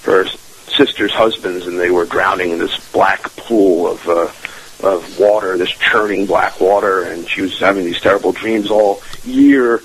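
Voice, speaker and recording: A man's voice: low voice, measured pace, a bit bright, slightly rough, poor audio. A man telling a family ghost story as a radio interview guest, rambling with many restarts and fillers.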